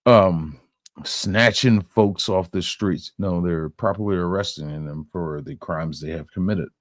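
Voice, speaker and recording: A young man rants at a slow, deliberate pace, his voice sitting a little low. He sounds angry and swears constantly as he reacts to clips. The sound is dry and close, with no room around it. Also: no room sound. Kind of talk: profane reaction rant.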